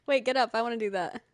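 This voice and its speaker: A woman's voice: on the high side, no echo. Giggly young woman streamer, dry sound. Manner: chatty, giggly, talks to chat. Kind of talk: casual live-stream chat.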